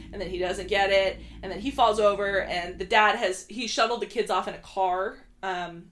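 A young woman co-hosting a podcast, recapping a movie in animated casual chat, swearing and laughing often. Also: medium pitch, slight background noise. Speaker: podcast co-host.

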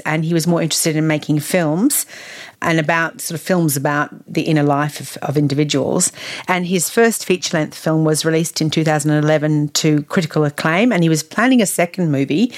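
A woman co-hosting a podcast, casually recounting a news story at length with fillers. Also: deep voice.

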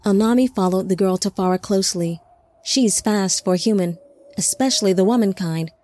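A woman narrating an audiobook in an even, measured reading. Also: mid-range voice, no echo.

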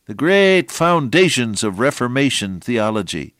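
Older guy preaching, low voice, dry close sound, goes soft then builds up big. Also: lively intonation, no echo. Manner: alternates hushed storytelling with raised emphatic exhortation; slow deliberate phrasing. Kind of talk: sermon.

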